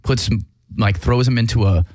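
A man's voice: mid-range voice, moderate pace, a little mellow, dry recording, clean studio sound. A man hosting a casual chat, rambling through a movie plot with profanity, fillers and restarts.

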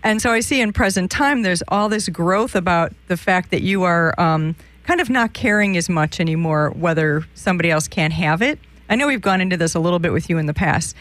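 A woman's voice: fairly low pitch, lively intonation, a little fast, hardly any pauses, a bit bright, no room sound. A woman hosting a live call-in radio show, giving psychic readings in a chatty, meandering way with many restarts.

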